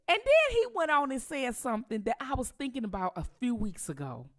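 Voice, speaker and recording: Animated bright-voiced woman from Detroit. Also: on the high side, a little fast. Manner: emphatic, outraged, repeats herself for effect. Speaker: commentary channel host. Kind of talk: casual commentary vlog.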